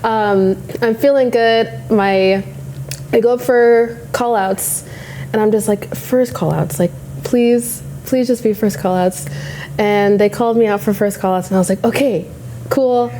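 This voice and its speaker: Young woman competitor telling her story, mellow voice, acts out what she was thinking, faint hiss behind. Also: medium pitch, unhurried. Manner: animated, acts out her own past thoughts. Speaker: bodybuilding competitor. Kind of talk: casual storytelling.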